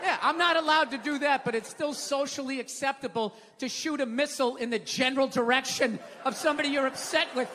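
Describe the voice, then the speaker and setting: A middle-aged man doing stand-up comedy, ranting loudly with profanity and dropping to mumbles between yells. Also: very high voice, fairly quick, hardly any pauses. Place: large theater stage. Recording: live theater recording with long hall reverb and crowd noise. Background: audience laughter and applause.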